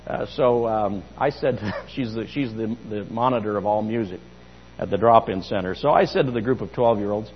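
A man preaching a sermon in church as pastor, telling stories with emphasis and bursts of loud speech. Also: on the low side, normal speed, big-room sound, dull audio, slight background noise. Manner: emphatic storyteller, rising to loud outbursts.

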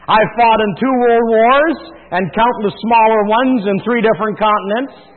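A man's voice: high-pitched, moderate pace, pitched above the performer's own voice. A man voicing a tough, proud old war veteran, declaiming boastfully and defiantly. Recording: thin phone-like sound in a reverberant hall with mains hum.

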